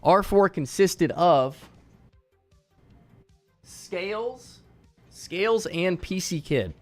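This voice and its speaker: A man's voice: on the high side, slow, a little mellow, soft background music. A man hosting a game tournament on a live stream. He talks casually to his chat, rambling with fillers and restarts.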